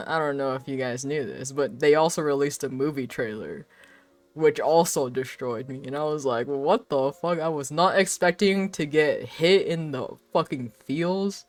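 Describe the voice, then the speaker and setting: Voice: medium pitch, normal speed, faint music behind. A young adult live streamer chatting casually while drawing, rambling with lots of filler words, frequent laughs and swearing.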